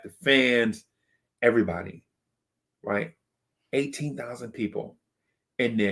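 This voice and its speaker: This is a man who runs a fan video channel, telling a story to hype up his viewers. His voice is gravelly at a middle pitch. He keeps pulling the listener in with a rhetorical "right?". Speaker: YouTube channel host.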